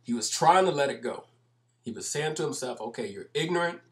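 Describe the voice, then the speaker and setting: A man's voice: medium pitch, expressive, brisk. A man commenting over video clips, explaining at length in an emphatic manner and repeating his points.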